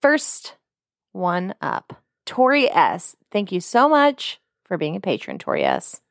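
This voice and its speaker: A woman co-hosting a podcast in casual chat, chatty and quick with asides as she reads names and notes aloud. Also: on the low side, huge pitch swings, vocal fry, a bit bright, no echo, studio quality. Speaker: podcast co-host.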